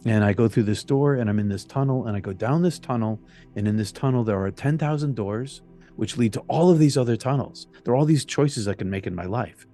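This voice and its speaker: A man being interviewed, telling his near-death experience in an earnest, halting way that repeats phrases. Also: mid-range voice, dark tone, soft background music. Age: young adult telling of age 20, now older. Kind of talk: personal storytelling interview.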